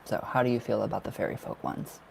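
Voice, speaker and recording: A man reads tarot cards on a casual livestream in a fairly low, quick, gravelly voice, with slight background noise. Affectionate and gushing, he laughs often while chatting with viewers.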